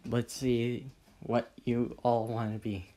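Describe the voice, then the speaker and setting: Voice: mid-range voice, little pitch movement, takes it slowly, heavy background noise, natural voice. A storyteller voicing a tired schoolteacher addressing a class in a dry, matter-of-fact way. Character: weary middle-aged schoolteacher.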